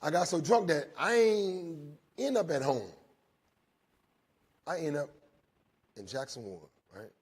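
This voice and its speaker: Fairly high-pitched and animated, yet a little slow with long pauses, this middle-aged man's voice is a little mellow with a breathy edge. Live before jail inmates, he earnestly recounts his recovery, repeating phrases and saying "right?" after nearly every sentence.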